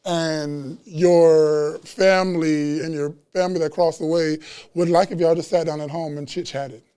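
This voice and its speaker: A man who works as a chef and Reiki practitioner, chatting as a guest at a live podcast taping in a bookstore and telling stories in an animated, slangy way. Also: fairly high pitch, unhurried, smooth, no room sound. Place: bookstore event space.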